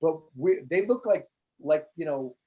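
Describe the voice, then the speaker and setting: A man's voice: fairly high pitch, measured pace, breathy edge. A comedian in a casual interview, talking with a voice sitting a little above the usual male range. He tells stories with energy and slips into voices for the people in them. The delivery is loose, chatty and built around getting to the punchline. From United States. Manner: animated storyteller, acts out voices in anecdotes. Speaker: guest comedian.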